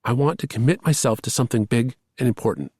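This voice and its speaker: A man's voice: medium pitch, a little mellow, husky, dry recording, clean studio sound, voice pushed up, lightly acted. A man reading a thriller audiobook, voicing an earnest, eager young woman who is a police rookie. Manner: eager, pleading, fast-rising emotion.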